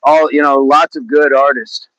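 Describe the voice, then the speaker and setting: A man's voice: fairly high pitch, little pitch movement, moderate pace, fairly bright tone, no echo, muffled recording. A man from Oklahoma chatting casually on a livestream, reading viewer comments, laughing and talking about music and movies. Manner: chatty, laughs often, slips into put-on accents. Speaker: livestream host.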